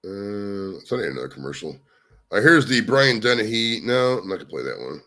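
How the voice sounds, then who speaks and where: Streamer host: man from the States, bright forceful voice, profane rambling chat. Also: fairly low pitch, very animated, a little fast. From United States. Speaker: livestream host. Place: his home.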